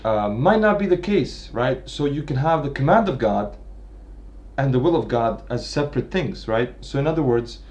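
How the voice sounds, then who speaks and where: A man's voice: medium pitch, expressive, normal speed, darkish tone. Man lecturing, restarting phrases often. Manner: thinking aloud, many restarts and "right?" checks. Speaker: literature commentator. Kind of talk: unscripted analytical lecture.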